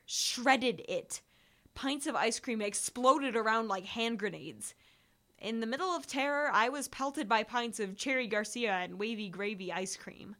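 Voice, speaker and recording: Bright-voiced woman reading a thriller. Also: medium pitch. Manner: intense, building to breathless urgency in action. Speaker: audiobook narrator. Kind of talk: dramatic first-person audiobook reading.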